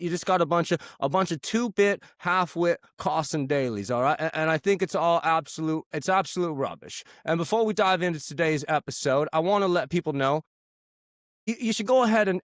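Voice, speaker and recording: A man putting on a cocky, grumpy British rock star, loud and foul-mouthed, with a put-on Northern English accent and a pitch pushed well above his own voice. He barks scornful rants and keeps tossing in "all right?". The sound is dry and close, with no room in it. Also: dry recording. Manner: loud, swaggering, profane, repeats "all right?".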